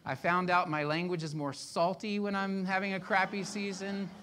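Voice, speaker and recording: A man's voice: high voice, little pitch movement, normal speed, bright, forceful tone, slight background noise. A man in his fifties, a pastor giving a sermon in a casual, self-deprecating storytelling way.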